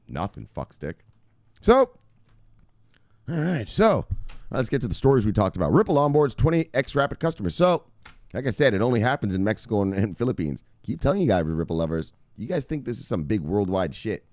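A man's voice: fairly low pitch, very animated, a little fast, a little mellow, dry recording, studio quality. A man hosting a casual cryptocurrency vlog, talking in a boisterous, profane way full of street slang. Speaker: crypto news vlogger.

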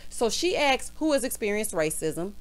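A woman's voice: mid-range voice, sing-song, normal speed. A woman from the American South, ranting sassily in a casual reality TV recap and calling everyone honey and girl.

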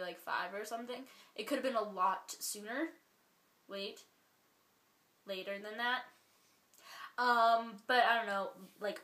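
A woman's voice: medium pitch, pushed and bright. A woman with a Canadian accent chatting casually to camera as a vlogger, rambling with lots of likes and ums and laughing as she goes. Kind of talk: casual chat. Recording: roomy echo.

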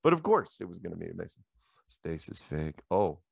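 A middle-aged man hosting a show, telling rambling anecdotes in a casual, animated way into a handheld microphone. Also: deep voice, a little fast, vocal fry, slightly rough, no room sound, clean studio sound. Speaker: show host. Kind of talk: casual storytelling chat.

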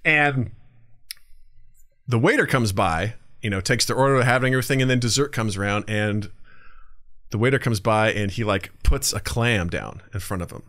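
A man with a bright, forceful voice, a bit lower than most, tells a long shaggy-dog joke on a podcast. He keeps it deadpan and breaks into loud, high character voices for the punchlines. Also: normal speed. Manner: acts out characters with big pitch jumps and shouts. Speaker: podcast co-host.

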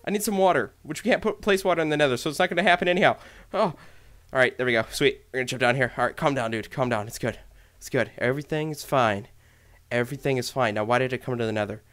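A man commentating his gameplay in an excited, hyper way, often repeating himself. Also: mid-range voice, fast. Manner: hyper, exclamatory, repeats phrases. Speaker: let's play gamer.

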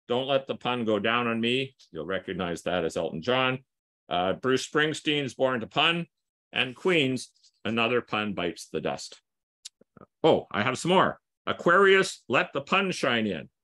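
A man's voice: mid-range voice, sharp tone. An older man giving a wordplay talk over a video call, reading punchlines with playful emphasis. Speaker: guest presenter.

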